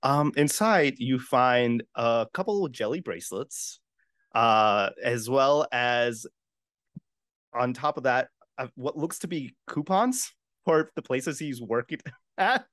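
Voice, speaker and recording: Halting tabletop player with a dry sound. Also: mid-range voice, lively intonation, a bit bright, no echo. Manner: laughs often, halting with fillers. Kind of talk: casual tabletop role-play.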